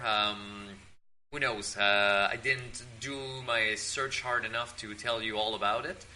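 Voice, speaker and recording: A man hosting his own vlog, tasting wine at home in his apartment and talking in a relaxed, rambling way with many fillers. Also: medium pitch, a little hiss or hum, poor audio. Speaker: host of a drink-tasting channel.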